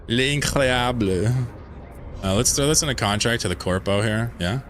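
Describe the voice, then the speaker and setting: Reading his chat aloud during a gaming stream, a man from Pennsylvania, United States, rambles and jokes in a mid-Atlantic American accent. He is animated and fast, with a fairly low pitch and slight background noise.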